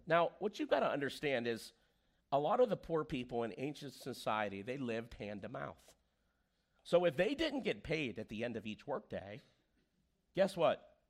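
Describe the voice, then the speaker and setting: A man's voice: medium pitch, moderate pace. A man preaching a sermon as pastor, telling stories and acting out the quoted voices. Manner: animated storyteller, acts out quoted voices.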